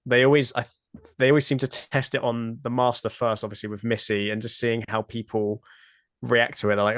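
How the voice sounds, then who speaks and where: A British man hosting a casual podcast chat, talking with many pauses and restarts. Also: lowish voice, flat delivery, a bit bright, no room sound, studio quality. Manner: hesitant, many fillers and restarts. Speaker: podcast host.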